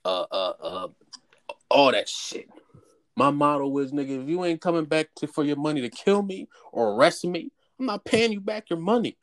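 A young man in casual chat telling a story in an animated, profane way. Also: normal speed. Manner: animated, profane storytelling with raised-pitch quotes.

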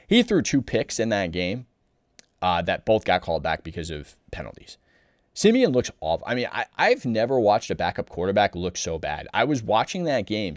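Man, opinionated sports talk, lively swooping delivery, lowish voice, dry close sound. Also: dry recording. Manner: blunt and animated, frequent restarts and exasperated outbursts. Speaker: sports commentator.

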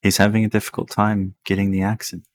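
Man, very low voice, game master, laid-back narration, frequent laughter. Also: completely flat delivery, fast. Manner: laid-back, laughs often, describes creatures at length.

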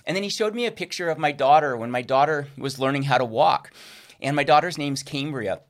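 A man's voice: a little high, brisk. A middle-aged man preaching a sermon, telling a personal story and acting out the voices he quotes. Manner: animated, acts out quoted voices.

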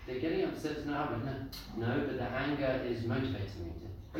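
A man teaching a lively Torah class as a rabbi, telling stories and acting out the voices in them. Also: medium pitch, fast talker, few pauses. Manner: animated storyteller, acts out voices, laughs with listeners. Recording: echoey room, far from mic, noisy.

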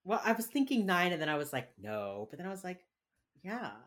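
A woman's voice: fairly low pitch, animated, rapid-fire. A woman co-hosting a podcast, casually recapping a TV episode and animatedly acting out the characters' lines. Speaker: podcast co-host.

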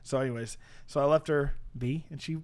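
A man's voice: medium pitch, fairly even intonation, a little fast, no room sound. A man co-hosting a podcast, telling a story in casual chat, laughing often and acting out the voices of the people in it. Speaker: podcast co-host.

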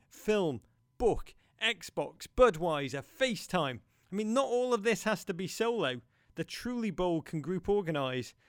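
A man delivers a podcast monologue with theatrical passion and playful asides. His voice sits a little high and rings smooth and clear. The sound is dry and close. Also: no room sound. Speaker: podcast host.

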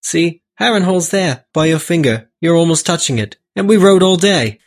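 A man's voice: fairly high pitch, animated, normal speed. A man voicing a whiny boy baker in an amateur podcast read-through, insistent and complaining.

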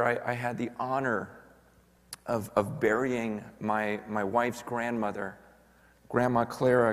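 A man, a pastor, preaching a sermon and telling a story in quoted voices, swinging from hushed to loud. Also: a little high. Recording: long hall reverb.

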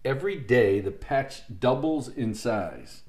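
A man casually hosting a chat show, running matchup questions and riddles briskly. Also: mid-range voice, lively intonation, darkish tone. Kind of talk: casual chat, quiz host. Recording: echoey room, faint noise.

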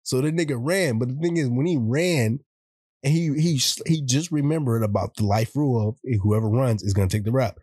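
A man's voice: medium pitch, fairly quick, slightly rough, no room sound, studio quality. A man hosting a podcast, telling a story in casual chat and acting out other people's lines. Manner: animated, laughing, acts out other people's lines. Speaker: podcast host.

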